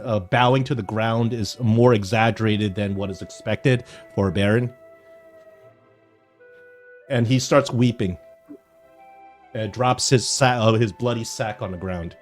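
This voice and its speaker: A man's voice: mid-range voice, a little mellow. A man narrating a tabletop game as game master, rambling through scenes with fillers and restarts.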